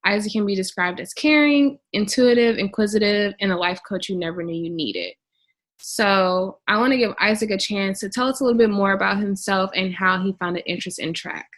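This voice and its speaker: A woman's voice: mid-range voice, brisk. Upbeat woman co-hosting a podcast. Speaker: podcast co-host. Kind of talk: casual podcast chat.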